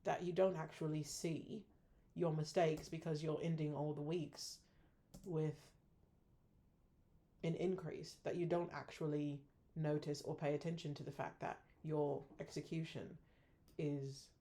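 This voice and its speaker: Woman trader, casual self-review, gravelly and mellow-toned, blunt and frustrated with herself. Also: deep voice, flat delivery, unhurried.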